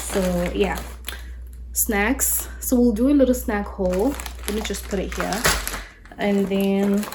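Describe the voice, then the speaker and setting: Chatty mom vlogger at home, rambly and loose, mid-pitched voice. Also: female voice, noisy background. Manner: rambling, chatty, many "like"s and restarts. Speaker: mother and lifestyle vlogger. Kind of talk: casual vlog chat, grocery haul.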